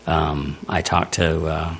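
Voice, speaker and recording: A man's voice: rumbling low, slow pace, vocal fry, a little hiss or hum. A man hosting a casual podcast, telling a family story with lots of laughter. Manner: animated storyteller, laughs often. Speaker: podcast host.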